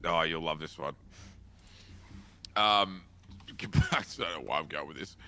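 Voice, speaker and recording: A man's voice: extremely low pitch, a little slow, sharp tone. A young man in casual chat, laid-back and rambling, with some swearing. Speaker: podcast guest.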